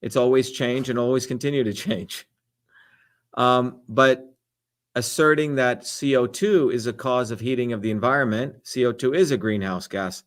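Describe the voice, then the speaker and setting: A man's voice: medium pitch, moderate pace. A middle-aged man answering debate questions on a live stream, emphatic and lecturing in tone. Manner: emphatic, lecturing, repeats "the reality is".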